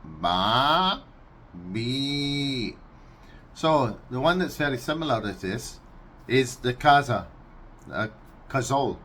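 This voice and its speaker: A Scottish man vlogging casually, unhurried and amused, breaking into animal noises. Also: medium pitch, lively intonation, fairly bright tone, husky. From Scotland. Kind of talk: casual explainer vlog.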